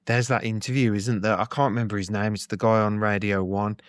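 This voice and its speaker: A man co-hosting a podcast, telling relaxed anecdotes and acting out other people's lines. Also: on the low side, a little fast, no room sound, clean studio sound. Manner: relaxed anecdotal, acts out quotes. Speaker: podcast co-host. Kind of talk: casual chat.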